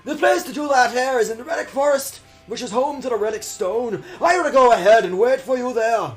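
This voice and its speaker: A man voicing an impatient old retired champion trainer, shouting his lines in an overeager way. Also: very high voice, a little fast, faint music behind, voice pushed up.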